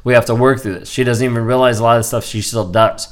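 A man's voice: mid-range voice, fairly even intonation, quick pace. A man in his thirties talking earnestly in a reflective personal vlog, rambling with frequent fillers. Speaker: vlogger.

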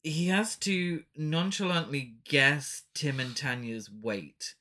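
This podcast co-host has a fairly high, pushed and bright voice and takes it slowly. He talks through a film review in a loose, casual way, going off on jokey tangents and laughing often.

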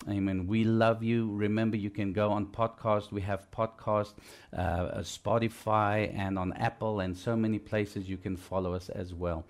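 A man preaching a broadcast sermon in a conversational way. He asks listeners questions and turns louder and higher when stressing a point. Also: flat delivery, normal speed. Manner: frequent fillers and restarts.

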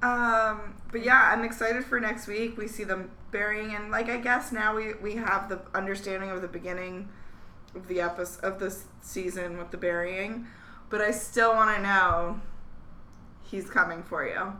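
A woman with a bright, clear voice, chatting as a podcast co-host. She talks things through loosely and slips into quoted lines. The room rings with echo, and faint ambience sits underneath. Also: mid-range voice, steady tone, normal speed, a little hiss or hum. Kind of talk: casual chat. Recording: echoey room.

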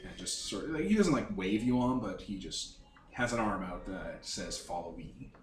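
A man narrating as game master of a tabletop game, rambling and searching for words. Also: mid-range voice. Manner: rambling, full of fillers and restarts. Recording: roomy, distant mic with faint music.

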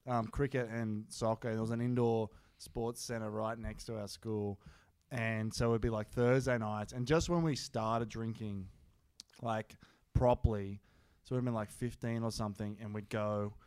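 A man's voice: fairly low pitch, steady tone, unhurried, a little mellow, smooth, no echo. A man co-hosting a casual podcast, swearing often as he tells a story. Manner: swears often, laughs while telling stories. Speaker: podcast co-host.

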